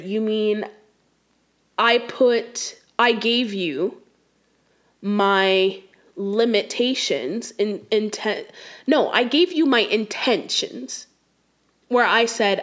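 A woman's voice: a little high, fairly bright tone. A young adult woman telling a dating story in a casual, slangy rant, exasperated and talking straight to the viewer.

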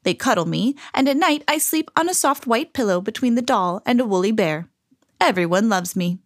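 Woman doing a gentle toy mouse, soft, unhurried, storybook, lively pitch. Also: no echo, clean studio sound. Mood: contented.

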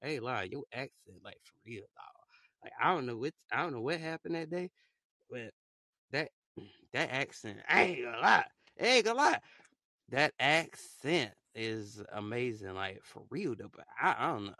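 A young man talks loosely on his podcast, full of fillers and slang. His voice has a gravelly, bright edge. He sits close to the mic in a dry, dead room. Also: medium pitch, lively intonation, moderate pace, dry recording. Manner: rambling, loose slangy talk with many fillers. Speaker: podcast host. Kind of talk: casual podcast chat.

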